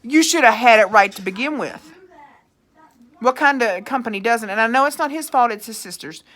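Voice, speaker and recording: A woman's voice: a little high, lively intonation, moderate pace, fairly bright tone. Angry woman ranting. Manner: heated, swearing, sarcastic. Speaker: vlogger. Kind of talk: angry rant reading out texts.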